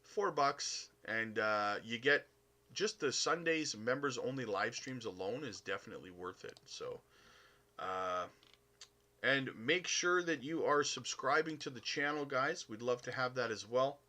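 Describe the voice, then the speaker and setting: Canadian guy on a live stream, chatty and friendly, bright voice, lots of uhs. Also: medium pitch, lively intonation, a little slow. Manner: upbeat, chummy, calls viewers buddy, many uh fillers. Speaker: crypto live stream host. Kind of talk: casual live stream chat reading comments.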